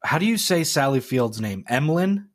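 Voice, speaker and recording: A man's voice: mid-range voice, moderate pace, dry recording, clean studio sound. A man co-hosting a podcast in easygoing casual chat, swearing and laughing now and then. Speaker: podcast co-host.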